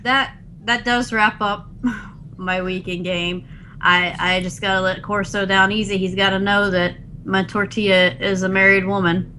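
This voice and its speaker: Bright, chatty young woman podcaster. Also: mid-range voice, little pitch movement, unhurried, a little hiss or hum, poor audio. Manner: chatty, laughs often, acts out game lines. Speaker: podcast co-host. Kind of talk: casual gaming podcast chat.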